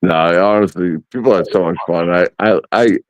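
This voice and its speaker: A man's voice: sits low, a little fast, dry recording. A man co-hosting a casual live-stream chat, playful and teasing.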